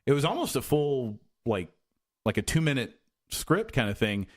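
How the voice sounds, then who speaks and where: A man's voice: mid-range voice, sing-song, normal speed. Rambling, hesitant male podcast co-host. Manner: rambling, hesitant, many restarts and fillers. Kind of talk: casual chat.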